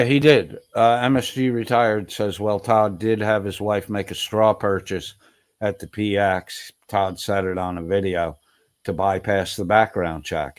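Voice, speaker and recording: A man hosting a livestream, reading chat and ranting with profanity and taunts. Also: fairly low pitch. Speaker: stream host reading chat. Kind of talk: heated livestream commentary.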